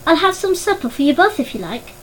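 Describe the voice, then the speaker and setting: A woman voicing a kind, motherly neighbour who speaks gently in a storybook reading. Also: very high voice, sing-song, fast, slight background noise, pitched above the performer's own voice, exaggerated voice, poor audio. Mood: kindly. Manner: gentle, kindly.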